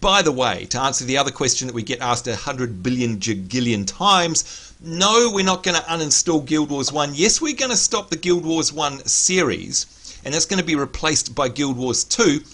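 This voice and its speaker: A man hosting a casual gaming livestream, chatty and excitable, greeting viewers by name, his voice a little hoarse. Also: fairly high pitch, moderate pace. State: slightly hoarse. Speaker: livestream host.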